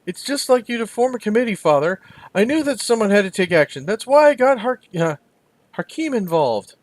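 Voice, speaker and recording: A man doing a high, shaken young woman. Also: sing-song, fairly quick, dry recording. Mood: accusing. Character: frightened, bitter young woman, rescued daughter.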